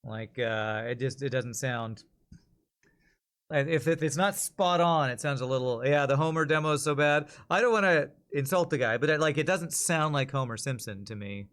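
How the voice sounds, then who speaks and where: A man's voice: medium pitch, animated, moderate pace, a bit bright. A man streaming and chatting casually, often restarting and rambling between thoughts. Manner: rambling, self-correcting, chatty.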